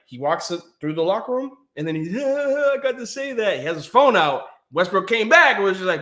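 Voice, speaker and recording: Animated man telling sports stories. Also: brisk. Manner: animated storytelling, acts out quotes in a high voice, laughs often. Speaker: podcast co-host. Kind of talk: casual sports chat.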